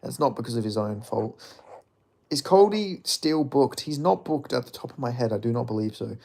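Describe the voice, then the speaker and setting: A man's voice: medium pitch, lively intonation, fairly quick, gravelly, darkish tone. Male streamer, loose rambling talk, answering chat with joking apologies. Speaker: livestream host. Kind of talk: casual livestream chat about fighting.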